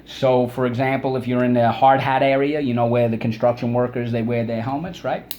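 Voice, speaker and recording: A man's voice: mid-range voice, level tone, muffled recording. A man teaching a recorded vocabulary lesson for children, drawing out syllables and coaxing students to repeat words. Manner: drawn-out syllables, coaxing repetition.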